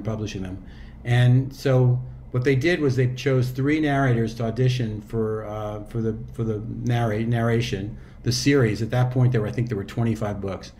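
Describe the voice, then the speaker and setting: Mellow-voiced narrator in his sixties. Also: medium pitch, slight background noise. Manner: relaxed, reflective, loose with fillers and restarts. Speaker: guest, audiobook narrator and actor. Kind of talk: casual interview chat.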